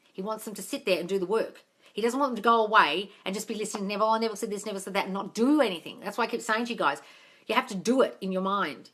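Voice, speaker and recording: A woman's voice: mid-range voice, bright, forceful tone. A woman hosting a casual live-stream Q&A as a manifesting coach, answering questions bluntly, swearing freely and calling listeners darling.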